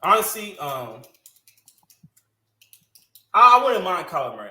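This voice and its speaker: A woman's voice: on the low side, sing-song, measured pace, pushed and bright. A woman co-hosting a sports podcast, ranting in a heated, emphatic way and cussing freely. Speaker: podcast co-host. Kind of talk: casual sports podcast rant. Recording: echoey room.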